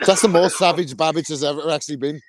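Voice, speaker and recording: Slightly high-voiced crude male co-host. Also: fast. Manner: crude, mocking humor. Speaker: podcast co-host. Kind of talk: casual boxing chat.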